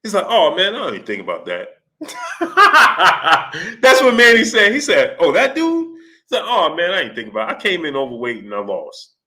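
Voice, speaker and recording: A man with a slightly high voice talks fast as he hosts a live stream. Greeting viewers and reading Super Chats, he tells animated stories, laughing and putting on voices for the people he quotes.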